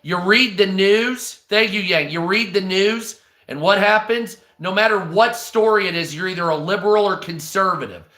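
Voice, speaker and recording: A man's voice: high voice, moderate pace, hardly any pauses, sharp tone. A man on a livestream, delivering a crude, heavily profane rant and thanking viewers mid-sentence. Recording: echoey room.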